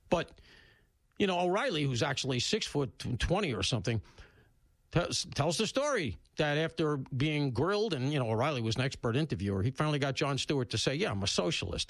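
A man hosting a talk radio show, talking bluntly and casually, with loud emphatic bursts and low asides. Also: no echo. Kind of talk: opinionated talk radio monologue. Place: radio studio.

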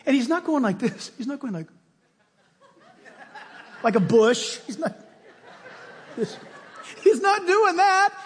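Casting: high-pitched, husky male preacher, lively storyteller, long hall reverb. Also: slow, pauses often, slight background noise. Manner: animated storytelling, acting out scenes. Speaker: pastor. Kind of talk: sermon.

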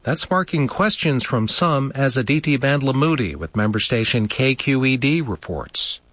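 A male newscaster reads the hourly bulletin in a measured, even way. His voice sits at a middle pitch. The studio sound is dry and close. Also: dry recording. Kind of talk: news bulletin reading.

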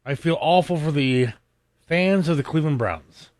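A man's voice: fairly high pitch, moderate pace, darkish tone, no echo, clean studio sound. A man co-hosting a talk show, reading out a news item in a matter-of-fact way.

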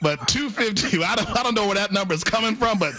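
A man's voice: high voice, racing, music in the background. A man co-hosting a radio talk show, teasing his partner playfully and laughing often. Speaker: radio co-host. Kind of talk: casual call-in banter.

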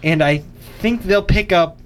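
A man's voice: sits high, unhurried. A young man co-hosting a college radio sports show, chatting casually and easygoingly with his co-host.

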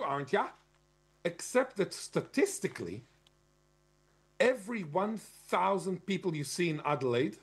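A man's voice: mid-range voice, breathy edge. A man giving an argumentative lecturing monologue, stressing key words and spelling out terms. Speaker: commentator.

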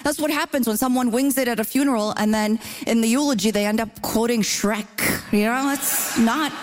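A woman's voice: on the high side, normal speed. A woman comedian from Ontario in a comedy debate, chatty and teasing. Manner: chatty, teasing, frequent "you know".

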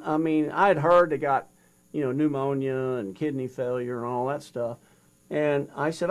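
An older man with a voice on the high side, speaking at a measured pace, is an interview guest retelling his past with feeling. His storytelling is animated, and he acts out both sides of a dialogue.

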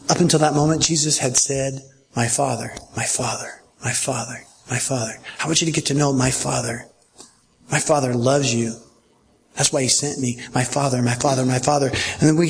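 A man's voice: mid-range voice, fairly even intonation, moderate pace, creaky, slight background noise. A man preaching a sermon as pastor, emphatic and repetitive, checking that listeners follow along. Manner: emphatic, repeats phrases, asks listeners if they follow. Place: church.

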